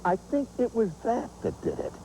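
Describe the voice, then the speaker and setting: A high-pitched male host talks at normal speed as he animatedly recounts a funny, nostalgic story full of vivid asides. There's slight background noise on a rough recording.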